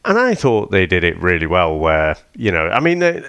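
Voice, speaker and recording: Middle-aged man, low lively voice, laughing podcast chat, halting fillers. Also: smooth, no echo. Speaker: podcast co-host. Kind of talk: casual film review chat.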